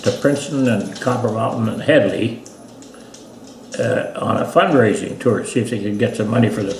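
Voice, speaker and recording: A man's voice: fairly low pitch, normal speed, gravelly. A man, telling old family stories in a folksy, meandering way. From British Columbia, Canada. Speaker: family elder recalling the past. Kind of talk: rambling oral history storytelling. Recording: echoey room with faint hiss.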